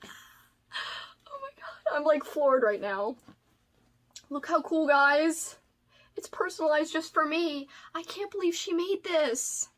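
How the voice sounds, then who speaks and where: A woman's voice: high voice, slow pace, a bit bright. A woman in her thirties chatting casually on a home vlog, gushing and rambling as she unboxes book mail. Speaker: booktuber.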